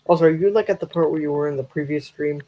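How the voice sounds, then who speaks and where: Male guest on a call, casual and fast, slightly high voice. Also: warm tone, highs cut off, slight background noise. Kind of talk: casual chat.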